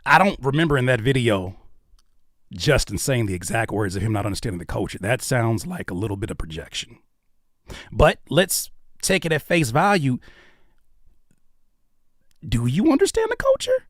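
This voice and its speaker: A man's voice: medium pitch, big pitch swings, normal speed, fairly bright tone, dry recording, clean studio sound. A man in his thirties giving heated, preachy reaction commentary on video clips, swearing freely.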